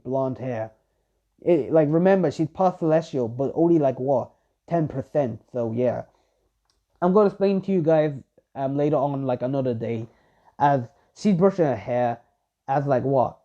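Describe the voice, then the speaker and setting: A young man with a mellow, slightly high voice improvises fan-fiction narration as a fan storyteller. He rambles, full of fillers and restarts, and the lo-fi recording sounds dull.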